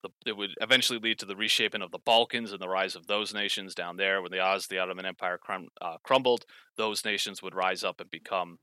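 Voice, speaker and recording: Bright-voiced man rambling about history. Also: low-pitched, fairly even intonation, quick pace, clean tone, dry recording. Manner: rambling, frequent self-corrections and fillers. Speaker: podcast co-host explaining history. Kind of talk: casual podcast chat.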